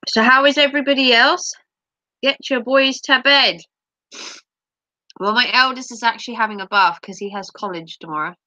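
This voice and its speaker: A woman's voice: fairly high pitch, moderate pace, long pauses, bright, forceful tone, dry recording, highs cut off. A middle-aged woman hosting a casual livestream, teasing viewers and reading their comments, her voice a little sore. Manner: playful, teasing, giggly. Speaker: livestream host. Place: home, streaming.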